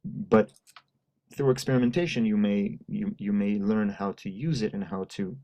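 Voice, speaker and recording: A man with a lowish, mellow voice teaches a hands-on workshop. He explains patiently and demonstrates sounds aloud, all heard through a microphone and PA speakers. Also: moderate pace, rough recording. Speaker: workshop instructor. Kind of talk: live demonstration lesson. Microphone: handheld mic through a PA system.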